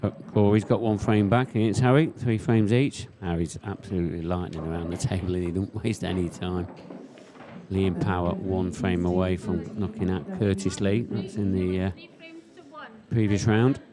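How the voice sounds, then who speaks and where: A man's voice: low voice, steady tone, moderate pace, crowd noise. A man commentating live on a pool match in a casual, chatty way and reading viewer comments aloud.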